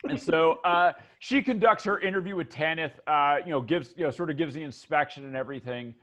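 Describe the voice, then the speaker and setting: A man narrating as game master of a tabletop game, animated and often laughing, with many restarts. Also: a little high, brisk.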